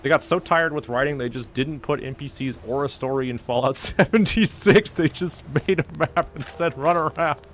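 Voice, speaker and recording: A man's voice: mid-range voice, moderate pace, hardly any pauses, slight background noise. A man streaming a game, ranting casually and profanely, filling his talk with "like". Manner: profane, ranting, heavy use of "like". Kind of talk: casual gaming stream rant.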